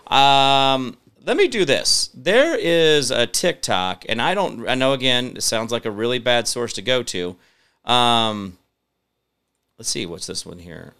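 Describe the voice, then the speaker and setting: A live-stream show host with a smooth, medium-pitched, fairly bright male voice speaks emphatically as he reads viewer comments. He rambles, filling his talk with lots of fillers.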